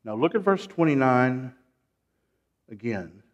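A man preaching a sermon. He repeats his phrases, calls for amens and swings from hushed lines to loud, rising ones. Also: mid-range voice, lively intonation, takes it slowly.

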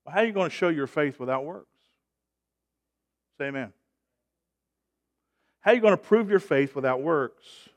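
A man preaching a sermon, emphatic, with call-and-response and loud rising peaks. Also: a little high, animated, normal speed, pauses often, highs cut off.

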